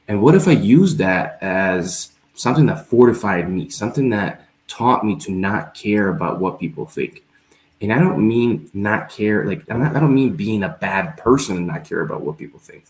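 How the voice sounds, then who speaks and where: A man hosting a talk show, speaking earnestly and reflectively as he tells a personal story in a casual discussion. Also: deep voice. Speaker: show host. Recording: roomy echo.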